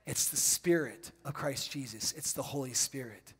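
A man preaching a charismatic sermon in a church, breaking into loud bursts and dropping into quiet, slangy asides. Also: mid-range voice, breathy edge. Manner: preaching with sudden loud bursts and dramatic pauses. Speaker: pastor. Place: church sanctuary. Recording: reverberant church hall.

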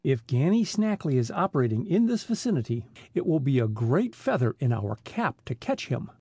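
Guy voicing a chill detective dad, kinda husky, lively lilt. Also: medium pitch, no echo, studio quality. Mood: serious. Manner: measured, amused then businesslike. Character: calm middle-aged detective father, genial and assured.

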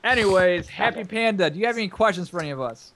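A man's voice: high-pitched, lively intonation, quick pace, background noise. A young man co-hosting an online gaming chat and handling the callers in an upbeat, chatty way. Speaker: co-host taking calls. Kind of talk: casual chat.

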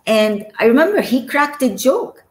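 A woman from Egypt in her forties, telling her personal near-death story as an interview guest, earnest and searching, with quick giggles and restarts. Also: high voice, big pitch swings, echoey room, poor audio. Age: 40s. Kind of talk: emotional personal testimony.

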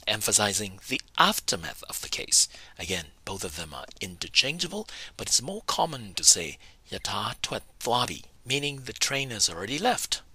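A man delivers a scripted language lesson in a bright, somewhat husky voice with a low but lively pitch. He repeats each example phrase slowly and carefully. The recording is dry and close. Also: dry recording. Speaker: language teacher.

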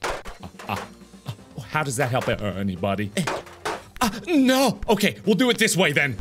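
A young man giving game commentary, talking to the game, swinging from mock-soothing murmurs to loud, exasperated outbursts. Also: a little high, wildly swooping pitch, unhurried, over music. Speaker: gaming video host.

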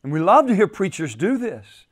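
A male pastor preaching a sermon at a men's retreat, repeating phrases and swinging between soft and loud for emphasis. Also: big pitch swings, moderate pace. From United States. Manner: repeats phrases, rises and falls in pitch and volume for emphasis.

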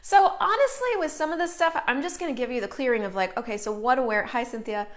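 A woman's voice: on the high side, animated, fast talker. A middle-aged woman hosting a live stream, talking casually and greeting viewers by name as she goes. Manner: chatty, greets viewers by name mid-sentence.

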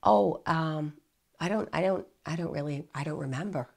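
A hesitant, mumbling teenage boy with an American accent, guessing his way through a police interrogation, as a woman puts him on. His voice drops low and soft, trailing off between the words. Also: very slow, clean tone, exaggerated voice. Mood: unsure. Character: nervous teenage boy under police questioning.

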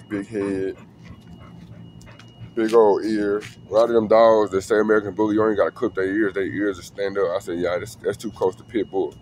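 A man's voice: on the low side, darkish tone, a little hiss or hum. Laid-back slangy man outdoors. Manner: slangy, laid-back, talks to camera and dog. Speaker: dog breeder. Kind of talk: casual vlog talk. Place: outdoors with a dog.

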